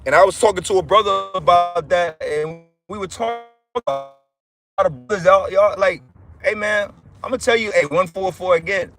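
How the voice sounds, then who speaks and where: A man's voice: high voice, moderate pace, music in the background. A man preaching fervently on a livestream, repeating himself, swearing and calling his listeners brothers. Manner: fervent, repetitive, profane, addresses listeners as brothers.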